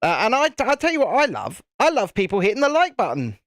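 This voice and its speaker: A man's voice: high voice, huge pitch swings, fast talker, fairly bright tone, no echo. A man hosting a casual live stream, chatting and laughing while he builds, with mild swearing and frequent restarts. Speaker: host.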